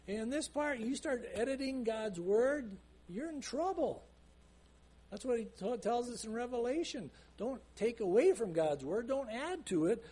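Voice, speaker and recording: Husky high-voiced man preaching earnestly. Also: expressive, warm tone. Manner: earnest preaching, slows down to stress scripture. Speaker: pastor. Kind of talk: sermon.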